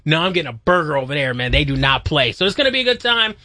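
A man's voice: on the high side, sing-song, very fast, sharp tone, no room sound. A man co-hosting a morning radio show in casual chat, joking at himself and tripping over his words from a studio mic. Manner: chatty, self-mocking, stumbles over words. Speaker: radio co-host. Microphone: close studio mic.

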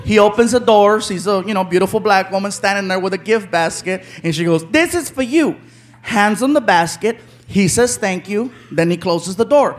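A man telling a story in stand-up, loud and animated, acting out the people in it with shouts. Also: sits high, fairly quick, hardly any pauses. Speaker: stand-up comedian. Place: live comedy stage before a laughing crowd. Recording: live show with crowd noise.

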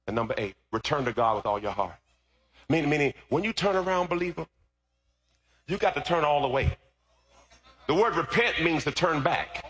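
A man pastor preaching a sermon, telling a story and then rising into shouted preaching. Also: on the high side, lively intonation, moderate pace, pauses often, slightly rough.

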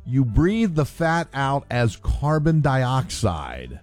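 A man's voice: medium pitch, huge pitch swings, slow pace, darkish tone, faint music behind. A man hosting a morning radio show in a casual, chatty way, sometimes stopping to correct himself on how a word is said. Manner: chatty, self-correcting on pronunciations. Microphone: studio microphone.

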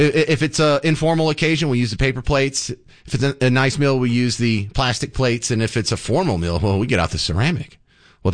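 Joking radio talk show man. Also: medium pitch. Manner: joking, animated, with frequent restarts. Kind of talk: casual talk radio monologue. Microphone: studio broadcast mic.

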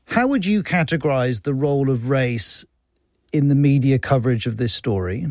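A man hosting a radio discussion who introduces guests and steers the talk in a measured way. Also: medium pitch, animated, no echo, clean studio sound. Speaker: radio host.

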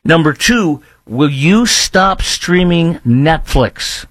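A man's voice: a little high, expressive, slow, fairly bright tone, no room sound. A man hosting a political talk radio show, speaking emphatically, repeating himself and firing rhetorical questions.

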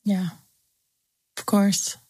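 A woman's voice: extremely slow, dark tone, no room sound. A woman hosting an interview, reflective and articulate as she responds to her guest. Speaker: host. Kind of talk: interview conversation.

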